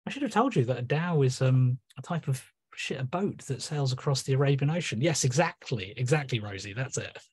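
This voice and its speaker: A man's voice: mid-range voice, animated, fairly quick, darkish tone, breathy edge, dry recording. A man reading his own poems at an online meeting from a room at home, with casual, hesitant asides full of ums between pieces. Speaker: guest poet reading his work. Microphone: video call.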